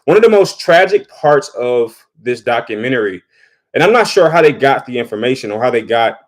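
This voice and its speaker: Chatty man reacting on camera. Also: mid-range voice. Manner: conversational, repeats words while thinking. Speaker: vlogger. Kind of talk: casual commentary.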